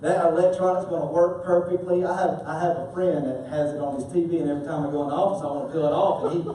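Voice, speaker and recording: A man preaching a sermon as a pastor, telling stories with animated humor. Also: fairly high pitch, quick pace, slight background noise. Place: church sanctuary. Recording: echoey church hall from far off.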